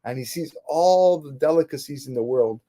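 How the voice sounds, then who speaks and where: A rabbi teaching a class, his voice fairly high but mellow and soft-edged. He tells stories with animation and often stops and restarts his sentences. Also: moderate pace. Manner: animated retelling with many restarts. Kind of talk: Torah class storytelling.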